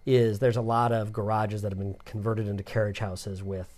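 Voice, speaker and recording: A man co-hosting a casual podcast about travel, talking in a halting, rambling way with many fillers and restarts. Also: on the low side, flat delivery, a little mellow. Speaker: podcast co-host.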